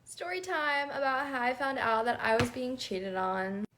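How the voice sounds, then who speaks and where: A young woman with a slightly high voice tells a personal story in a chatty, conversational way. She sounds amused as she talks. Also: normal speed, background noise. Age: young adult. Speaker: nursing student. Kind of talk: casual storytime.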